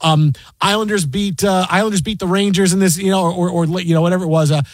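A man hosting a sports radio show, telling a story in a rambling, animated way with many fillers and restarts, in a studio. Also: sits high, fast, no room sound. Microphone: studio mic.

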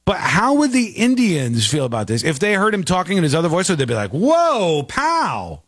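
An animated man reacting and chatting on a casual show, his pitch swinging widely and sitting a little high. He repeats himself and laughs often, recorded close and dry. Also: fast, breathy edge, dry recording. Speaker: show host.

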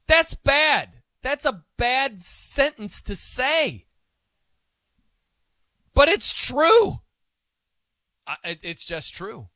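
A man's voice: extremely high pitch, very animated, very slow, pauses often, bright, forceful tone, dry recording. A man hosting a sports radio show, chatting casually in a rambling, self-amused way. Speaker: fill-in radio host. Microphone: studio microphone.

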